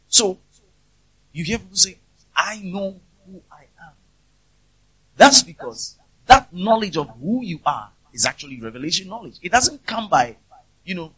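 On a dull, lo-fi recording, a man with a husky, sharp voice on the high side gives a conversational sermon. He poses rhetorical questions and acts out the voices of the people he quotes.

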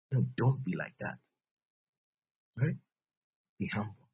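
A man preaching a sermon as pastor, repeating phrases and swinging between loud bursts and soft drops. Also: on the low side, lively intonation, takes it slowly. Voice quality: husky. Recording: dull lo-fi recording.

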